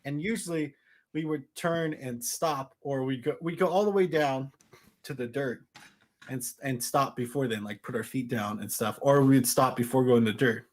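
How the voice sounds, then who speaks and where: A man's voice: mid-range voice, normal speed. A young man co-hosting a podcast, telling a childhood story in casual chat and laughing often. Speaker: podcast co-host.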